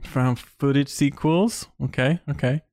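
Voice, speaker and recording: A man co-hosting a podcast in casual chat, enthusiastic and quick, swearing freely. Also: medium pitch, darkish tone, no echo, clean studio sound. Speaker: podcast co-host.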